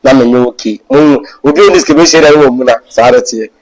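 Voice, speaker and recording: A young man with a Ghanaian accent preaching at a Bible class, switching between loud exhortation and quiet asides. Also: fast talker, low-quality recording. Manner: animated, swings from loud exhortation to low asides. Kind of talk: sermon mixing English and Twi.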